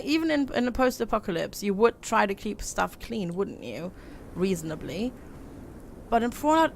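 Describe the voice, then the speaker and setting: A woman's voice: mid-range voice, creaky, slight background noise. A young woman hosting a game playthrough, reading the characters' lines in her own voice with fillers and casual asides. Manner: reads flatly with fillers and asides, laughs at herself. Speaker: let's play host. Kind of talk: reading game dialogue aloud and commenting.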